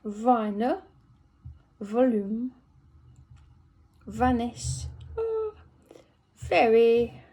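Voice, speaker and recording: An English woman in England reads a list of words aloud one at a time for speech practice, relearning to talk after a brain injury, with slow, deliberate, effortful articulation. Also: fairly high pitch, vocal fry, dark tone, husky. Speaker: vlogger recording speech practice.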